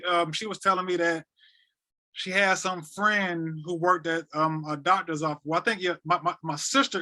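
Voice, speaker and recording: As a guest on a podcast, a North Carolina man in his thirties shares an emotional personal story in an animated manner. His voice is a little high, and he frequently repeats words and performs the dialogue of the people he quotes.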